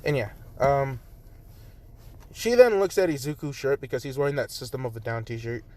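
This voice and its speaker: A young man tells a fan story off the cuff, rambling along with constant fillers and the occasional curse. His voice sits at an ordinary middle pitch and stays loose and unscripted. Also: normal speed, darkish tone, no echo. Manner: rambling, filler-heavy, profane. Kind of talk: casual spoken fan story.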